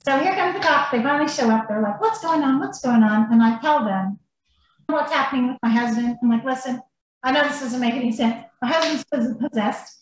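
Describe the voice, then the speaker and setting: A woman on a podcast telling a story in an animated, blunt manner and swearing freely. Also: high-pitched, brisk. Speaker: podcast guest. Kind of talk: casual storytelling. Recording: very echoey room, faint noise.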